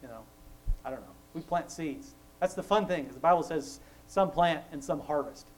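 A man with a fairly high voice shares thoughts on faith at a moderate pace, chatty and laughing often between points. He tells it like a story and acts out quoted voices, though the recording is rough.

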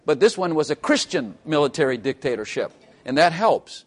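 A man's voice: fairly high pitch, very animated. A man preaching a sermon as pastor, mixing scripture with wry, teasing asides. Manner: wry, joking asides with quick bursts and drawn-out emphasis.

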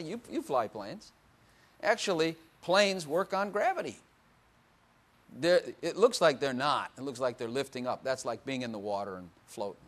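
A man's voice: a little high, a bit bright. An older man preaching to a congregation in a church. He keeps it conversational and playful, laughing often and asking the listeners questions. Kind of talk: sermon.

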